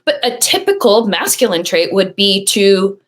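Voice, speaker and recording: A woman's voice: medium pitch, very animated, moderate pace. A woman hosting a podcast, talking in an emphatic, enthusiastic way. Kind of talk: casual podcast conversation.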